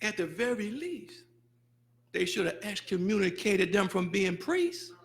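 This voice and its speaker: A man preaching a fervent sermon as a student minister in a mosque, breaking into shouted bursts and wry, mocking asides. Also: high voice, sing-song, gravelly, husky. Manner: mocks excuses in wry, drawn-out asides.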